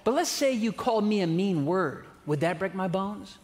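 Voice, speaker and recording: A man voicing a wise, calm old grandmother who speaks plainly and matter-of-factly. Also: sits high, moderate pace, voice pushed up. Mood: calm, firm.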